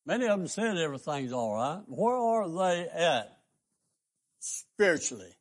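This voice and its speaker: A man's voice: fairly high pitch, sing-song, a little slow. An older man, preaching a fervent sermon as a radio pastor and host, stressing his points with rising questions.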